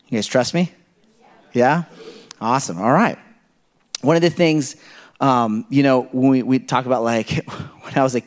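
A man in his thirties preaching to a church congregation, telling personal stories in a loose, conversational way full of asides and fillers. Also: mid-range voice. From Kenya. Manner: conversational, rambling storyteller with frequent "like" and "you know". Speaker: pastor. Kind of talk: sermon.

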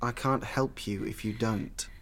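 An actor playing a concerned young man who calmly and patiently questions a frightened friend. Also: on the low side, measured pace, slight background noise. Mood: soothing. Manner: soothing, patient. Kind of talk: radio drama acting. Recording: music behind the voice.

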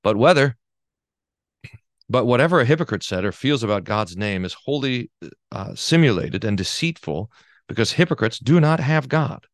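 A man's voice: medium pitch, moderate pace, no echo, clean studio sound. A man, a pastor, teaching a Bible class in a conversational way, reading quotations aloud and commenting with frequent restarts. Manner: lively, restarts often, reads quotations with emphasis.

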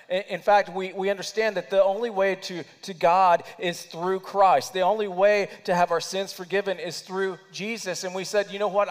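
Male pastor, fairly high voice, preaching with big swings from loud to hushed, long hall reverb. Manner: emotional, swings between loud urging and hushed near-whispers. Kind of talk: sermon.

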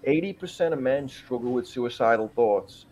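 A man's voice: medium pitch, animated, normal speed, a little mellow. Earnest man telling his testimony. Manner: earnest and emphatic, quoting his own prayers. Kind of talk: personal testimony in a podcast interview.

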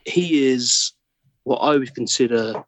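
A man's voice: mid-range voice, slow, dry recording. An English man, an actor, chatting as a podcast guest in a thoughtful way, often searching for words and trailing off. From England. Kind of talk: casual interview chat.

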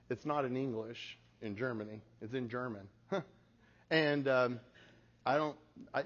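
A man in his forties giving a talk to an audience, telling a family story in an animated way and laughing at his own stories. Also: medium pitch, slow, pauses often. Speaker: speaker. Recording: slightly muffled lo-fi recording.

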